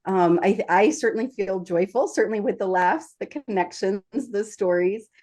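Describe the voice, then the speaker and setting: A woman's voice: medium pitch, normal speed, a little mellow. A woman who leads a nonprofit, giving earnest remarks over a video call with frequent filler words. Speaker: nonprofit leader. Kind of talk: prepared remarks.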